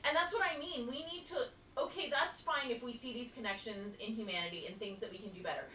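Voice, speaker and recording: A woman co-hosting a casual chat, animated and laughing often. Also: fairly high pitch, fast, roomy sound, recorded from a distance, slight background noise. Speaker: podcast co-host.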